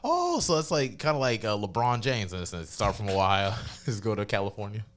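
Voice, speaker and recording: A man's voice: lowish voice, big pitch swings, brisk, fairly bright tone. A man hosting a podcast interview, laid-back and laughing often, with lots of filler words. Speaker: podcast host. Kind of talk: casual interview.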